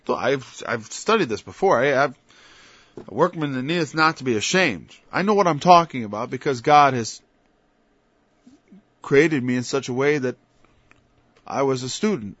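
A man's voice: medium pitch, expressive, normal speed, long pauses, fairly bright tone, dry recording. A man preaching an informal Bible-study sermon. He talks conversationally, stops and restarts, then builds to emphatic peaks. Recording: dull lo-fi dry recording.

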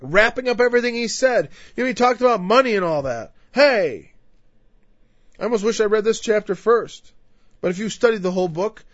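A man's voice: high-pitched, dry recording, muffled recording. A man preaching a sermon emphatically, teaching through a scripture passage and sometimes raising his voice. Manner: emphatic, raises voice at times.

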